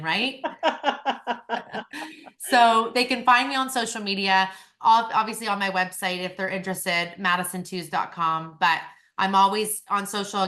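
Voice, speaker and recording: Bright-voiced chatty woman. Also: medium pitch. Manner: chatty and animated, filler-heavy. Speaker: real estate agent, podcast guest. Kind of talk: casual interview chat.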